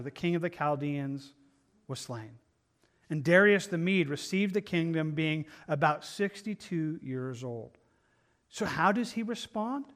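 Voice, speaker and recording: A pastor preaching an earnest, emphatic sermon in a church, sometimes repeating his words as he presses a point. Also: high-pitched. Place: church sanctuary.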